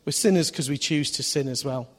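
A man's voice: medium pitch, a little fast. A man preaching a sermon in a conversational way, asking his listeners questions and acting out voices in his stories. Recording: long hall reverb.

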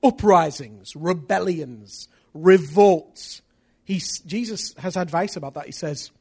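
A man preaching a sermon, swinging from hushed, earnest lines to loud rallying questions to his congregation. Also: sits high, slow pace, slightly rough.

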